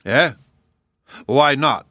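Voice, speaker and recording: A man voicing a boastful old gnome king who talks in a loud, bragging, indignant way. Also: mid-range voice, expressive, normal speed, no echo, studio quality, voice pushed up, lightly acted. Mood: scoffing.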